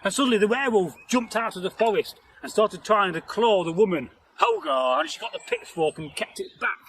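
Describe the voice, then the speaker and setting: A gravelly, fairly bright male voice that sits high, with lively intonation and a slightly fast pace, on a rough recording with some hiss or hum. He's the channel host telling a folktale outdoors in nature, casual and rambling, laughing and joking alongside a companion.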